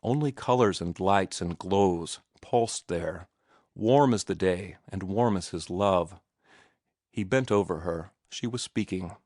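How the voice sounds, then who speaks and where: A man reading a novel aloud as narrator, calm and measured. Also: low voice, no echo, studio quality. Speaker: audiobook narrator. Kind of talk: scripted narration.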